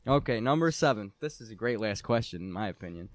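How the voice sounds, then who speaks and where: A man running a casual trivia game among friends, lively and joking. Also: lowish voice, quick pace, dry recording. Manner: lively, swearing, laughing. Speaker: quizmaster.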